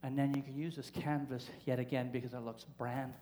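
A man's voice: medium pitch, little pitch movement, fairly quick, warm tone, a little hiss or hum. A man preaching to a church congregation in a playful way, joking with the people in the pews. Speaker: pastor. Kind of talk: sermon. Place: church service.

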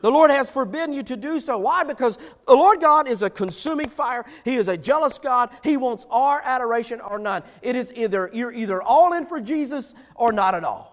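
High-voiced preacher in a reverberant hall. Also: male voice, expressive, brisk, few pauses. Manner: emphatic preaching, repeats phrases for stress. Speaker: pastor. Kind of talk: sermon.

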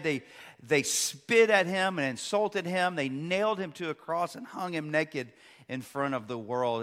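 A pastor in his thirties preaching a sermon, swinging between loud, emphatic peaks and quiet, hushed stretches. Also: fairly high pitch. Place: large church hall. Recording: long church hall reverb.

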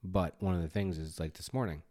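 His voice is deep and brisk. In his forties and co-hosting a podcast on fatherhood, he tells casual stories with animation, performing his own scolding.

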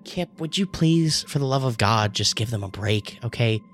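A man's voice: mid-range voice, expressive, normal speed, faint music behind, lightly acted. A man voicing an exasperated, impatient female gnome scolding her brother.

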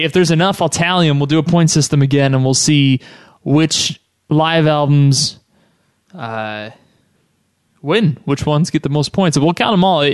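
A man's voice: fairly high pitch, clear, resonant tone, no echo, studio quality. A man hosting a podcast, chatting casually and enthusiastically in loose, rambling phrases. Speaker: podcast host. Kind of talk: casual chat.

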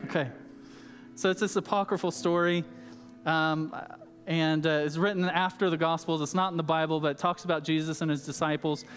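High-voiced man preaching in a hall. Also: steady tone, brisk, a bit bright. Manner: conversational, with casual fillers and asides to the audience. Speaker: pastor. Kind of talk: sermon with storytelling. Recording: roomy hall reverb with faint music.

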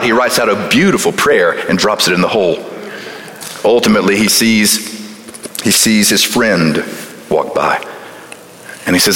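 A man's voice: lowish voice, lively intonation, normal speed, bright, forceful tone. A man pastor preaching a sermon in a folksy, emphatic way, full of rhetorical questions. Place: church sanctuary. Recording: echoey church sanctuary with long reverb.

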